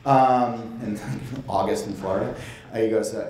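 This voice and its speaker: A man's voice: lowish voice, fairly even intonation, normal speed, darkish tone, roomy sound, slight background noise, poor audio. A man giving a conference talk in a blunt, emphatic, conversational way. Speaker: conference presenter.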